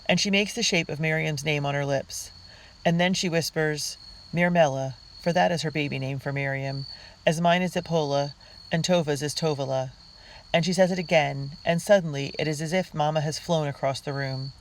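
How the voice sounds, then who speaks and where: A reader narrating a diary storybook in a girl's first-person voice, earnest and unhurried. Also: fairly high pitch, steady tone, slight background noise, low-quality recording. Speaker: audiobook reader.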